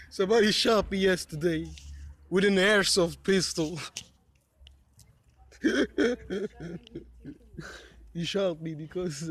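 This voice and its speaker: A man's voice: fairly high pitch, dry recording. A young man telling a story to the camera in a rambling, casual way, full of fillers, restarts and frequent laughs. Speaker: vlogger.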